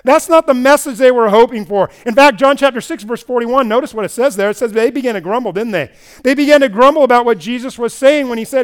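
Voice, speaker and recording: Guy preaching a sermon, pretty high voice, really clean and resonant, goes big then drops real quiet. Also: brisk, clear, resonant tone. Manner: dynamic preaching, swinging between loud emphatic and quiet low passages. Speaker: pastor. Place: church service.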